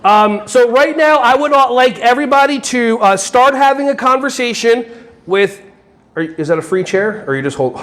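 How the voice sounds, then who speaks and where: High-voiced playful man leading a workshop. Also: expressive, moderate pace, fairly bright tone, a little hiss or hum. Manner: playful, joking with the audience. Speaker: workshop presenter for teachers. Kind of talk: live workshop talk. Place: workshop room with an audience.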